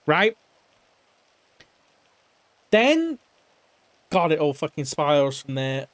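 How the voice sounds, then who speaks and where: A man's voice: sits high, dry recording. A man recapping an investigation in character, rambling and swearing a lot, sometimes mimicking other people. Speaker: roleplay streamer.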